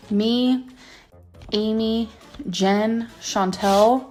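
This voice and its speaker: A woman in her thirties ranting angrily to camera in a vlog, swearing and stressing her words. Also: a little high. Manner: angry, profane, emphatic rant. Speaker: YouTuber.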